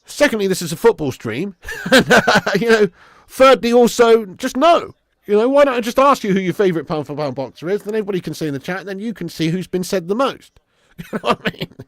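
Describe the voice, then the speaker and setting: A man's voice: high-pitched, lively intonation, quick pace, no echo, studio quality. Chatty man streaming football. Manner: chatty, banters with viewers, swears casually. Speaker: football watch-along streamer. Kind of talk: live stream commentary and chat.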